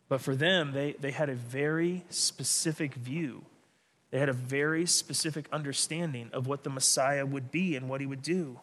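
A man delivering a sermon as pastor, preaching in an animated, dramatic way with sudden emphatic bursts. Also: mid-range voice, normal speed.

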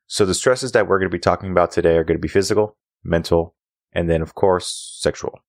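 A young adult man hosting a podcast delivers an opinionated monologue packed with rhetorical questions. His voice sits low, with a steady tone and a brisk pace. The sound is clean studio audio with no room sound.

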